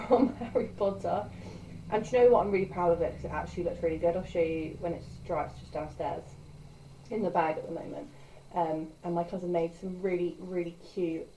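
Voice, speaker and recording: A woman's voice: on the low side, warm tone, slight background noise, low-quality recording. A young woman chatting casually to camera in a vlog, rambling with filler words. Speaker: vlogger.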